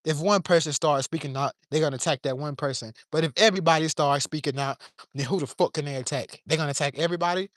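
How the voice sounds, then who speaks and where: A man's voice: fairly high pitch, quick pace, fairly bright tone, no room sound, clean studio sound. A man giving an impassioned, profane monologue to camera from his yard, preaching in plain street talk while a little under the weather. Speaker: vlogger.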